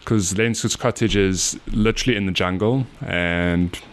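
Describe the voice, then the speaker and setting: Nasal South African man in his thirties, fairly low voice, laughing podcast co-host telling stories. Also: normal speed. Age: 30s. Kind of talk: casual chat.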